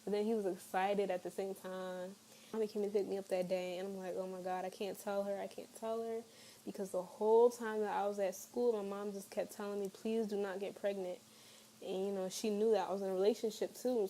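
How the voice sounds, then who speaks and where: Young woman, casual storytelling to camera, candid and chatty, mid pitch, faint background noise. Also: level tone, brisk, mellow, poor audio. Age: young adult. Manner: chatty and candid, many fillers. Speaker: vlogger.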